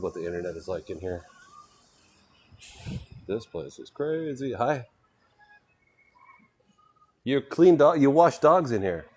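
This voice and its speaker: A man chats casually with live-stream viewers while walking through a small shop and out onto the street, talking to animals he meets and laughing often. His voice is on the low side and a little mellow, with slight background noise.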